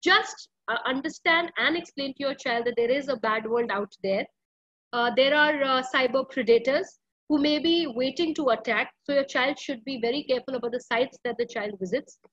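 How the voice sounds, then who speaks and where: Over a video call, a woman speaks earnestly to parents at an online school parenting workshop, often pleading and using many fillers. Her high voice is fairly bright at a moderate pace, with no echo but the highs cut off.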